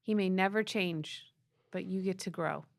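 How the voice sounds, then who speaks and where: Female advice podcast co-host, low, dry close sound, affirming and casual. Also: moderate pace, vocal fry, no room sound. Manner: affirming, reads listener questions.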